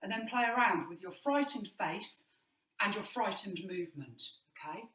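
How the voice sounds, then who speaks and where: A woman's voice: medium pitch, lively intonation, moderate pace, a bit bright. A woman drama teacher giving an online movement lesson indoors, encouraging and demonstrating as she explains. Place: indoor room. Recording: roomy, mic at a distance.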